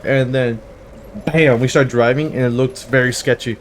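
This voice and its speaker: A man's voice: mid-range voice, a little fast, slight background noise. Rambling young man telling stories over gameplay. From United States. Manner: rambling, animated storytelling with laughs and profanity. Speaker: gaming channel host. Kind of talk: casual let's-play chat with war stories.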